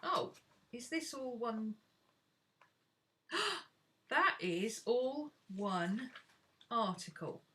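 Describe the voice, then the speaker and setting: A woman's voice: fairly high pitch, expressive, very slow, pauses often, bright, forceful tone. A woman chatting frankly and casually to her viewers while she works on a craft live stream.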